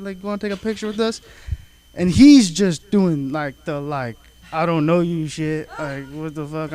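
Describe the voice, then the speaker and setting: High-voiced 19-year-old comic, loose and profane. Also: male voice, a little mellow. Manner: casual storytelling, heavy filler and profanity. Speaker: stand-up comedian. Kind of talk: open mic stand-up set. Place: comedy club stage. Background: audience laughter.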